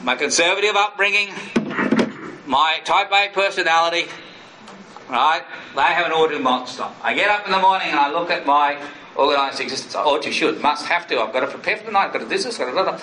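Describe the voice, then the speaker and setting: A man preaching a sermon as pastor, earnest, who now and then acts out inner voices in sudden higher bursts. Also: quick pace, echoey room, far from the mic, background noise.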